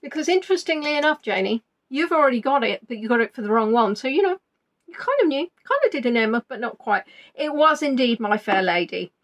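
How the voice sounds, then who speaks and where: A woman's voice: high-pitched, sing-song, brisk. A woman hosting a quiz, chatty and teasing, reading out answers as they come in. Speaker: quiz host. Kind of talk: live online quiz chat.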